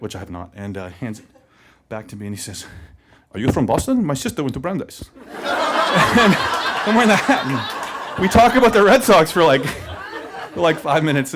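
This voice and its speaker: A man telling a personal story live to an audience, animated, laughing as he talks and leaning on casual fillers. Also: medium pitch.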